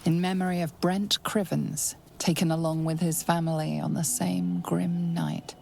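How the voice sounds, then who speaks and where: A woman voicing a dry game narrator who reads grave inscriptions in a deadpan, unimpressed way. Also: lowish voice, a little slow, creaky, slight background noise. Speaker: game narrator reading tombstones.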